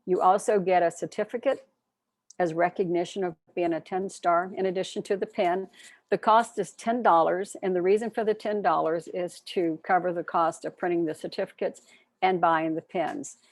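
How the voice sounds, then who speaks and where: A woman's voice: lowish voice, fairly even intonation, normal speed, dry recording. A woman giving a short, earnest program presentation at an online club meeting, speaking in a friendly, plain way over a video call.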